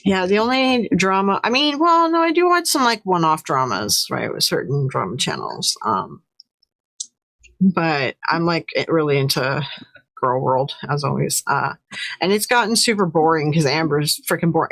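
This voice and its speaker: A woman's voice: lowish voice, animated, moderate pace, a bit bright, no room sound, low-quality recording. A woman hosting a livestream, chatting in a rambling way with lots of fillers. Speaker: livestream host. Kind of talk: casual chat.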